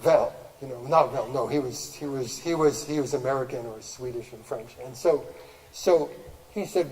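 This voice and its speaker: A man's voice: medium pitch, moderate pace, a little mellow, long reverb tail, rough recording. An older man giving a talk to an audience at a gallery, telling stories in a rambling way with many restarts and fillers and frequent laughs.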